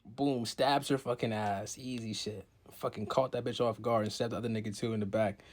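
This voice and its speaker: A young man casually recapping a manga chapter in slangy, profane talk, jumping into character voices in excited bursts. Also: fairly low pitch, brisk. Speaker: content creator recapping a manga.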